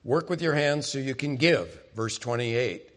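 A man's voice: medium pitch, unhurried. Man preaching a conversational sermon. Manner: conversational teaching, dramatizes quotes with sudden loud bursts. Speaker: pastor.

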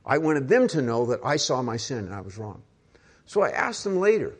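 An older man, a pastor, preaching a conversational sermon full of rhetorical questions, dropping to a soft, hushed voice when he retells personal moments. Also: mid-range voice, sing-song, moderate pace, slightly rough.

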